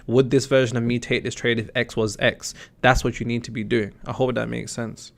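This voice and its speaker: A man's voice: medium pitch, little pitch movement, a little fast, vocal fry. A young man with a West Midlands accent hosting a casual livestream, answering chat in a blunt, slangy way with casual swearing. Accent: West Midlands English. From West Midlands, England.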